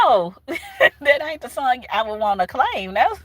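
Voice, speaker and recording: Southern lady chatting w her stream, kinda high voice, laughs a lot. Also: normal speed, a little hiss or hum. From southern United States. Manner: animated, laughs often, talks back to chat. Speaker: livestream host. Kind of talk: casual livestream chat.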